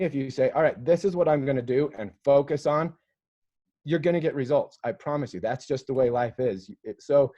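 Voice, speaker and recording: A middle-aged man tells stories in a folksy, self-deprecating way as he gives a motivational talk. His voice sits at a middling pitch. It comes through the dull, lo-fi sound of a video call. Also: warm tone, no echo. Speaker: guest speaker.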